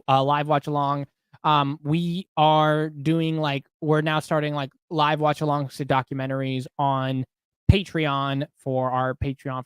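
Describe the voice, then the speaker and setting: A man's voice: fairly high pitch, clear, resonant tone, dry recording. A young man co-hosting a live stream, chatting casually, reading viewer questions aloud and laughing often.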